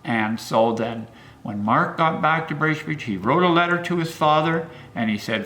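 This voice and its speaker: An older man, a local historian, telling pioneer history as a lively storyteller who swoops his pitch for emphasis. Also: moderate pace.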